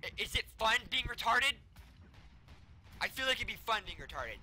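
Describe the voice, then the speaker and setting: High-pitched man ranting over gameplay. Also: big pitch swings, normal speed, long pauses, faint music behind. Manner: profane ranting with sudden shouts and low grumbling. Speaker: gamer. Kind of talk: angry gameplay commentary.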